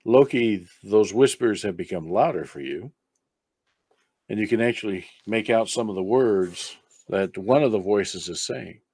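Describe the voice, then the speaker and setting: Low husky-voiced man running a game. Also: animated, measured pace, darkish tone, no echo. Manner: easygoing, chatty, breaks off to talk to a pet. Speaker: game master. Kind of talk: narrating a tabletop game.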